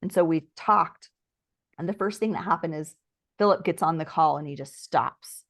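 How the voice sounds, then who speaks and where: A woman telling her personal story as an interview guest, earnest and reflective, often using "like" and sometimes slowing to a soft, near-whispered pace. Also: on the low side, no echo. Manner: earnest and reflective, with many "like" fillers.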